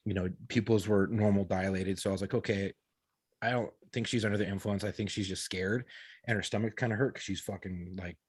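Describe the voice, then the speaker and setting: A man's voice: lowish voice, steady tone, brisk, husky, dry recording. A man in his thirties, a podcast co-host, telling a story in casual, profane talk full of quoted dialogue. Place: podcast studio.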